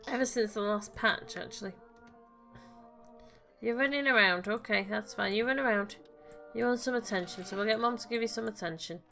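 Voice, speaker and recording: Let's-play host, woman, bright tone, soft fussing commentary, faint game music. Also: a little high, normal speed, vocal fry. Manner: coos and fusses gently at the game characters. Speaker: gaming channel host.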